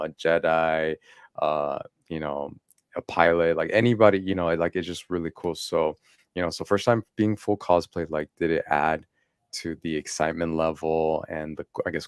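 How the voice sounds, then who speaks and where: A man's voice: a bass voice, little pitch movement, normal speed, smooth, dry recording, clean studio sound. A man co-hosting a casual podcast chat, telling stories animatedly and acting out quoted lines with frequent laughs. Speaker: podcast co-host.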